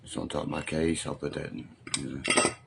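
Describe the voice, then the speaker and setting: A middle-aged man from talks to his live-stream viewers in a drawl. His voice sits low and deep. His talk rambles, swears freely and leans on fillers. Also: fairly even intonation, fairly quick, vocal fry, background noise. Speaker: livestreamer. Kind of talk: casual live-stream chat.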